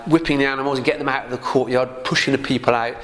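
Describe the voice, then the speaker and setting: A man's voice: medium pitch, fairly even intonation, racing, fairly bright tone. A man giving a casual Bible teaching in a conversational way, often laughing lightly and asking rhetorical questions.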